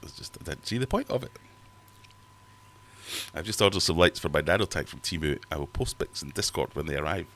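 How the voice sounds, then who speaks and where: A man's voice: deep voice, animated, a little fast, long pauses, fairly bright tone. A middle-aged man hosting a casual livestream from his home fish room, chatting to viewers and reading their comments in a rambling, self-mocking way. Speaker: livestream host.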